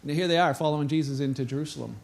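A pastor preaching a sermon, telling scripture stories in an animated way and acting out the voices of the people in them. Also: male voice, on the high side, racing, creaky.

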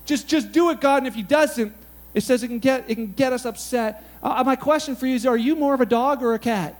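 A man's voice: very high voice, fairly quick, darkish tone. A man preaching a sermon in a casual, conversational way, often asking his audience questions. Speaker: pastor.

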